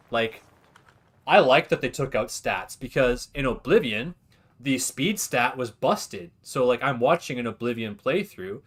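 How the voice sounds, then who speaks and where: Casual gaming commentary comes from a livestreaming man with a medium-pitched, fairly bright voice. He drifts from opinion to opinion, leaning heavily on "like" and filler words.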